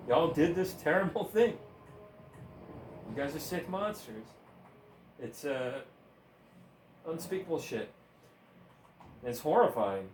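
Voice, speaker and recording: A man's voice: on the high side, big pitch swings, takes it slowly, pauses often, noisy background. A man ranting in heated, profane, sarcastic commentary while gaming, with bursts of laughter. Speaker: gaming streamer. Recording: roomy echo, faint ambience.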